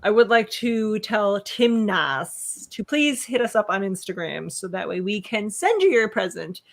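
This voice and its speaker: A woman co-hosts a relaxed live stream. She teases her partner and tosses in fast, giggly asides. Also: mid-range voice, creaky. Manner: teasing, giggly, quick asides. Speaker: podcast co-host. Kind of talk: casual live-stream chat.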